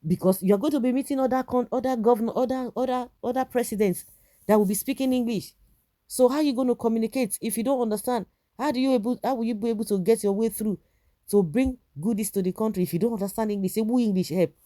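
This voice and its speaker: A woman's voice: mid-range voice, warm tone. A woman with a Nigerian accent giving indignant political commentary, firing rhetorical questions and restarting her sentences.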